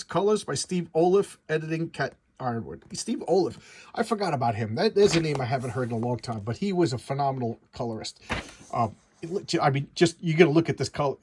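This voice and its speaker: A man's voice: medium pitch, a little hiss or hum. A man giving a casual, chatty comic book review, rambling through the story with frequent restarts.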